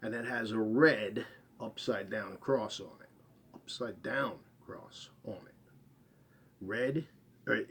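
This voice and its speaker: This is a fairly low-pitched man recounting something that happened to him, looping back and fixing his own words. Each phrase trails off softly, with a little noise behind him.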